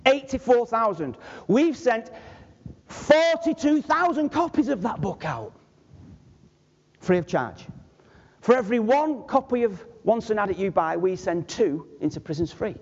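A Manchester man preaching in a very high, lively voice that leaps up and down, joking with his listeners and speaking to them directly. The sound is dull and lo-fi, with a long reverb from the large hall around him. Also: measured pace, breathy edge. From Manchester, England. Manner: animated, humorous, addresses the audience directly. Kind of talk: sermon with personal storytelling.

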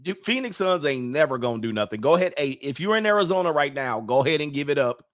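A man's voice: on the high side, lively intonation, quick pace. Blunt, mocking man ranting casually. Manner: blunt, mocking, argumentative, slangy. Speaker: commentary host reading viewer comments. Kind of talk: opinionated reaction commentary.

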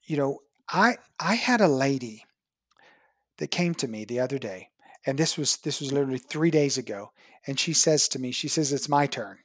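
A dentist guest telling a patient story, acting out both sides of the talk with lively pitch jumps. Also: normal speed, dry recording, studio quality. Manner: animated, acts out patient dialogue with big pitch jumps. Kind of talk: storytelling in an interview.

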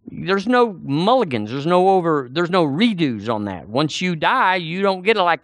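A preacher, a man whose pitch sits a little high and swings widely as he works up the congregation. He talks folksy and direct, circling back on his own words. The sound is close and dry. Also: moderate pace, hardly any pauses, no room sound. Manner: animated, folksy, repeats himself, addresses the congregation directly. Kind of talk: sermon.

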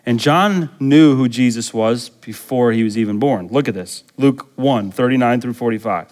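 A man preaching a sermon as a pastor, animated and conversational, often asking the congregation questions. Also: medium pitch, normal speed, few pauses.

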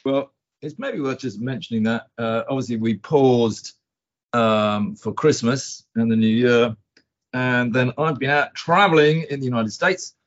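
Man, podcast host, chatty and rambling, mid-pitched voice, dull lo-fi sound. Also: measured pace. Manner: chatty, rambling with many fillers and restarts. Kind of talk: casual market chat. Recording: dull lo-fi audio.

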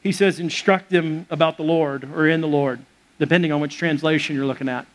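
A man's voice: fairly high pitch, steady tone, brisk. A man preaching a sermon as pastor of a church, conversational and joking with the congregation.

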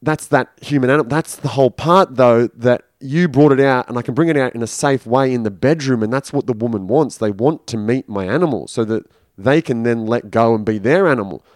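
A man's voice: medium pitch, brisk, dry recording, clean studio sound. A man candidly recounting a personal story in casual conversation, swearing freely and acting out his inner voices. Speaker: podcast guest.

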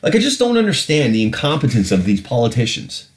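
A blunt British man hosts a podcast, venting in heated, profane casual commentary. He talks fast, and his pitch swoops wildly, rising sharply whenever he's exasperated.

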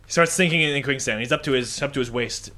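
A young man in casual chat, telling a joke in a halting way with many ums and restarts. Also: medium pitch, pushed and bright.

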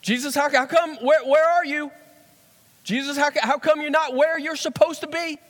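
A frantic grown disciple, as a preacher puts him on, his voice jumping far above the speaker's own and pressing out a string of urgent questions. The words ring out into a long hall reverb. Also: fairly even intonation. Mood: exasperated. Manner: pleading, rapid, high-strung. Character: urgent, exasperated male disciple, grown man.

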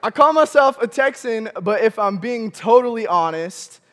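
Man preaching in a church, high-pitched voice, young adult, animated storytelling, chuckling, rallying the room. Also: moderate pace. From Michigan. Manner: animated storytelling, chuckles often, rallies the congregation. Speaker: campus pastor. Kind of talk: sermon. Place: church auditorium.

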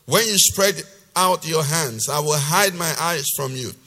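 A male pastor preaching a sermon, reading scripture loudly with force and then explaining it in a lower, conversational voice. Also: unhurried. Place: church hall. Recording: long reverb of a church hall.

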